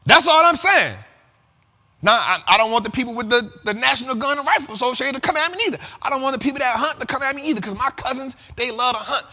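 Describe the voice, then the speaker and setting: A man hosting an investing show, talking in animated, profane casual commentary and often asking if listeners follow him. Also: very high-pitched, very fast, few pauses, big-room sound. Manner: animated and profane, keeps asking "you feel me?". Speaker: host of a money and investing show.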